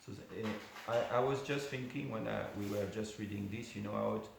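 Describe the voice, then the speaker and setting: A man with a low, gravelly voice gives an informal temple class, telling a story with many asides. His voice rings in a very reverberant hall, and a faint hiss sits under the recording. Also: moderate pace. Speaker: devotee giving a class. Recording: very echoey room with faint hiss.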